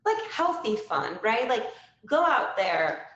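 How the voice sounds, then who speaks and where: A woman's voice: fairly high pitch, sing-song, takes it slowly, a bit bright, roomy sound, lo-fi sound. A woman hosting a casual live-stream talk show, upbeat and chatty with lots of fillers. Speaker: livestream show host.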